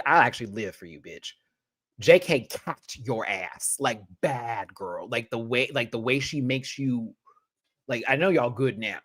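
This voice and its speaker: Sassy animated Houston man, dry sound. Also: medium pitch, no echo. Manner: sassy, animated, cursing, mimics others. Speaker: show review host. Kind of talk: casual chat.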